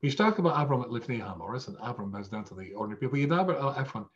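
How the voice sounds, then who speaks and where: A man's voice: medium pitch, big pitch swings, racing, lo-fi sound, slight background noise. A man teaching a weekly Torah lesson as a rabbi, conversational and self-deprecating. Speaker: rabbi teaching a text class.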